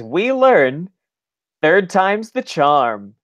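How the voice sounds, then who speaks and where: A man's voice: fairly high pitch, sing-song. A man co-hosting a casual podcast chat, playful and teasing with his partner. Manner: playful, teasing, quick to cheer. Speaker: podcast co-host.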